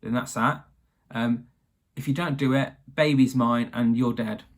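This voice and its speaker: A man's voice: mid-range voice, steady tone, a little slow, natural voice. A man doing a cocky impish little magic man. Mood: threatening. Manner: taunting, cocky.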